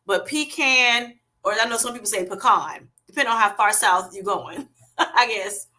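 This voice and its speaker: A woman's voice: mid-range voice, fairly even intonation, brisk, bright, forceful tone. A woman with a Southern US accent hosting a casual livestream, chatting with viewers and reading their comments aloud in a folksy way, laughing often. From Southern United States. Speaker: livestream host.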